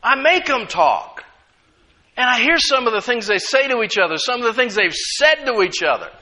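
A middle-aged man, preaching a sermon as a pastor, lively and full of laughs and acted-out voices. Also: extremely high pitch, normal speed.

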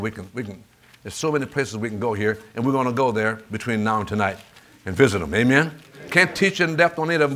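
A man preaching a sermon in an animated call-and-response style, asking the congregation for amens. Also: medium pitch.

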